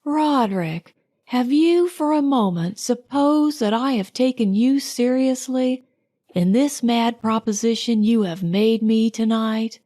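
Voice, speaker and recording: A woman voicing a proud, sharp-tongued young society woman in an audiobook, speaking slowly and with pointed distinctness. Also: fairly high pitch, lively intonation. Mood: cool, chiding. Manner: crisp and pointed, slow distinct delivery.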